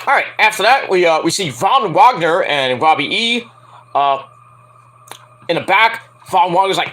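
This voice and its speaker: A young man chats loosely through a wrestling review, cursing freely and breaking into high put-on voices when he quotes people. His voice is bright and forceful, and his pitch leaps up and down with a lively swing. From Antiguan and Jamaican family. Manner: rambling, profane, acts out quotes in high voices. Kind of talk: casual solo review chat.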